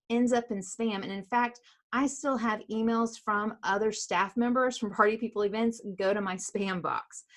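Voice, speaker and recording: A middle-aged woman teaching as a business coach, speaking directly and emphatically and repeating her key points. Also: mid-range voice. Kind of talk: instructional coaching talk.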